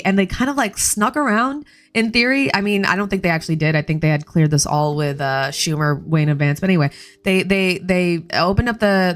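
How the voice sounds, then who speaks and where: Fired-up woman streamer ranting fast. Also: medium pitch, a bit bright. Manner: heated, swearing, fast bursts of outrage. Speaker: livestream host. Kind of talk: casual political commentary stream. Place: home.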